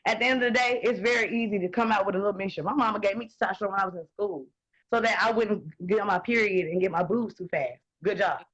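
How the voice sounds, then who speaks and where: A woman, talking in blunt, profane and animated casual chat as host. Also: mid-range voice, fast talker, husky, lo-fi sound. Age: 20s.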